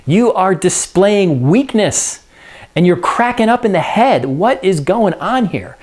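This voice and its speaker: Lady Macbeth, high and scolding, as a man puts her on. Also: very animated, a little slow, a little mellow, exaggerated voice. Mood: exasperated. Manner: scolding, exasperated, modern slang. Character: scornful impatient noblewoman, Lady Macbeth.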